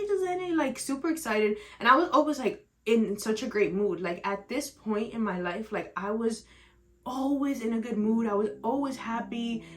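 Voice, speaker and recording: A young woman vlogger telling a personal story in a rambling, emotional way, full of "like", tearful at times. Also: medium pitch. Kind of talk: storytime vlog.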